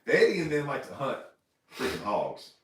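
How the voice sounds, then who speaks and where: A man's voice: mid-range voice, huge pitch swings, moderate pace, far from the mic. A man telling a rambling, laughing story on a casual livestream, recorded in an echoey room away from the mic. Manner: rambling, laughing, repeats himself. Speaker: fishing show host. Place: indoors, house room.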